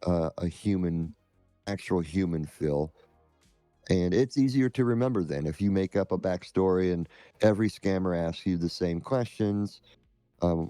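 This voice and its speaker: A man with a very low, mellow voice answers interview questions slowly and haltingly. His tone is smooth and resonant, and it is recorded dry and close. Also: no echo, soft background music. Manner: halting, measured. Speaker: scam-baiting streamer, guest.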